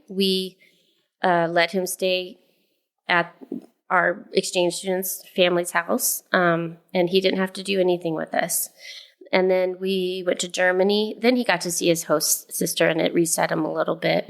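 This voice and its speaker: A woman co-hosting a podcast tells a family story in casual, rambling chat. Her voice sits low and has a gravelly edge. She fills her talk with ums and restarts. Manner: storytelling with many fillers and restarts. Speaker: podcast co-host, mother.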